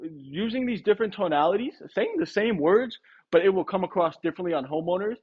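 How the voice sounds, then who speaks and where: A man with a fairly high, husky voice coaches door-to-door sales reps in a direct, casual way. The recording sounds muffled and lo-fi. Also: animated, fast. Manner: direct, coaching, acts out tone examples. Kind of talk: casual sales training talk.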